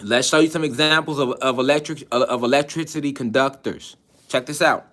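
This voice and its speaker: A man's voice: medium pitch, steady tone, brisk, fairly bright tone. A man giving a preachy spiritual lecture online, insistent and emphatic, who keeps firing rhetorical questions at his listeners.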